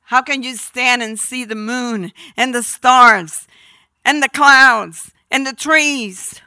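A woman preaching a sermon, slow and emphatic, sometimes dropping her voice almost to a whisper. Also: high-pitched, pushed and bright, dry recording.

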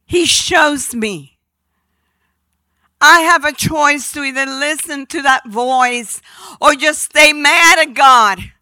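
A woman preaching a sermon, slow and emphatic, sometimes dropping her voice almost to a whisper. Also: high-pitched, bright, forceful tone, no echo.

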